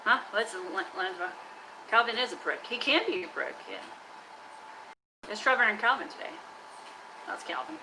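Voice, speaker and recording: A woman's voice: mid-range voice, very animated, normal speed, long pauses, noisy background. A woman chatting casually on a live stream from her workshop, teasing and scolding her trash can like a buddy. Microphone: live-stream camera mic.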